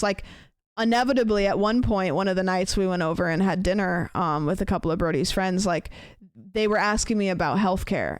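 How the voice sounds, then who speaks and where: With a clear, resonant, medium-pitched tone, this woman from the United States streams casually and rambles through a long story, restarting and using lots of fillers. The sound is clean studio audio with no echo.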